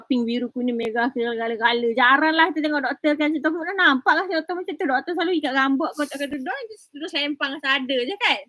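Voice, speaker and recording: A woman's voice: high-pitched, fairly bright tone, no room sound, low-quality recording. A woman from Kelantan with a Malaysian English accent, briefing her class online in a chatty, teasing way and switching between English and Malay. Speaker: university lecturer.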